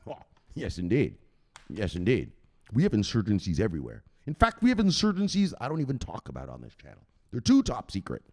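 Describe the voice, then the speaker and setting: A man's voice: on the low side, fairly quick, creaky. A man hosting a crypto channel at home at night, rambling and swearing in casual vlog chat. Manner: profane, rambling, animated.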